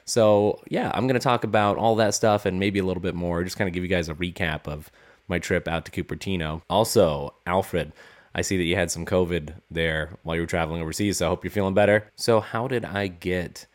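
Man with a cold, very low voice, sick-sounding, casual rambling podcast host. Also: brisk. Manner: relaxed, rambling, with fillers and restarts. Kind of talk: casual solo podcast chat.

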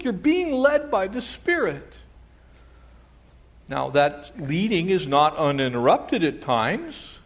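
A male pastor with a mid-range voice preaches a sermon animatedly, slipping into quoted voices and tossing in playful asides.

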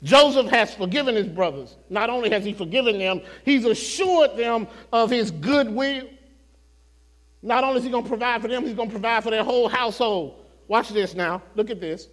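Soft, slow murmurs build to shouting as a man with a high voice preaches to his congregation in a church sanctuary full of reverb. His sermon uses call-and-response and speaks directly to the people in front of him.

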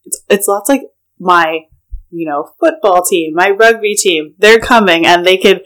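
A woman who works as a wedding planner chats casually on a podcast in a somewhat low voice. She tells stories loosely, with plenty of filler words. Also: a little slow, fairly bright tone. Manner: chatty storyteller, many fillers like "like".

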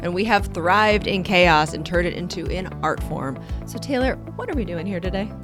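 A woman co-hosting a podcast in casual chat, talking very fast and laughing often. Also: on the low side, expressive, music in the background. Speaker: podcast co-host.

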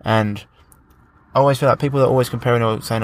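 A man's voice: medium pitch, fairly even intonation, quick pace, no echo. A man hosting a podcast, chatty and rambling as he talks about coaching. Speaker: podcast host. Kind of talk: casual podcast conversation.

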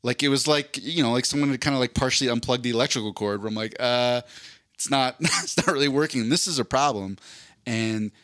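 This is a man in his forties hosting a podcast, casually telling a long, meandering story peppered with swearing, fillers, and false starts. His medium-pitched voice is fairly quick and fairly bright, and the studio-quality audio has no echo.

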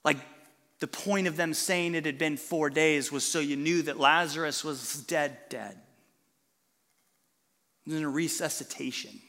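Animated male pastor in a reverberant hall. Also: on the high side, moderate pace. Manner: animated storytelling, swings from hushed to loud. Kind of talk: sermon.

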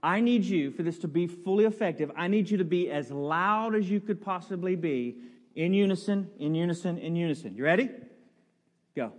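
Man preaching in a big church, high voice with long reverb, playful and coaxing the crowd. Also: moderate pace. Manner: playful, coaxing the congregation, building to loud bursts. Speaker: pastor. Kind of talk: sermon with audience participation. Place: large church sanctuary.

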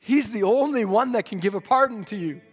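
A man's voice: sits high, brisk, breathy edge. A man preaching a fervent revival sermon, stammering into restarts and acting out the people in his story. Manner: fervent, stammering restarts, acts out quoted voices. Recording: long church reverb.

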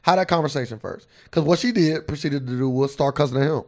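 A man co-hosting a casual podcast, ranting and swearing freely, his voice jumping up high and loud when he gets heated. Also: fast. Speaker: podcast co-host.

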